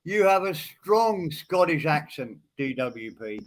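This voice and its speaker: A man's voice: on the high side, sing-song, slow pace. A man chatting on an online voice call, hesitant and polite, often repeating his words as he starts sentences. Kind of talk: casual online voice chat.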